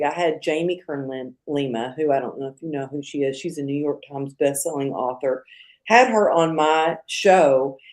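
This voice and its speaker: Middle-aged woman, podcast guest; low-ish voice, animated storyteller voicing the quotes. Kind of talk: casual storytelling.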